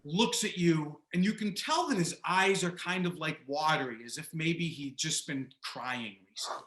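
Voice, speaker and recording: A man's voice: a little high, moderate pace, fairly bright tone, roomy sound. A man narrating as game master of a tabletop game, describing action with restarts and laughing along.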